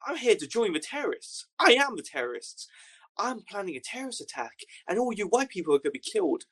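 A man putting on the voice of an unhinged American male prisoner who rants loudly and aggressively. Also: high-pitched, sing-song, quick pace, slightly rough, pitched above the performer's own voice, heavily acted. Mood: ranting. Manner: loud and aggressive ranting.

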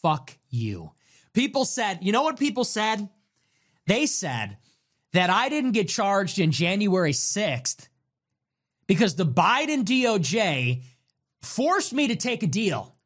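A man hosting a livestream, ranting in a sarcastic, mocking, taunting way. He jumps between loud, high outbursts and low grumbles. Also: sing-song, slow. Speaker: livestream host.

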